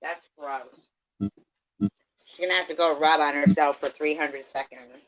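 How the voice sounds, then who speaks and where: A woman's voice: low voice, measured pace. A woman chatting on a livestream, blunt and crude in her jokes. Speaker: livestream co-host. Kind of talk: casual late-night banter. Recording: slightly dull lo-fi audio.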